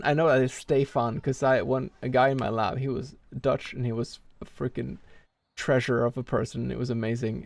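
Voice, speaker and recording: A Norwegian man streams a speedrun, rambling casually and thinking aloud with plenty of filler words as he plays. His medium-pitched voice is creaky and darkish, captured in a dry recording.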